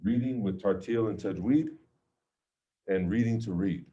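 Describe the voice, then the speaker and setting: A man's voice: lowish voice, unhurried, dark tone, highs cut off. A man teaching an informal religious class, talking conversationally and checking in with his listeners with "okay?" and "right?". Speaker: Islamic teacher.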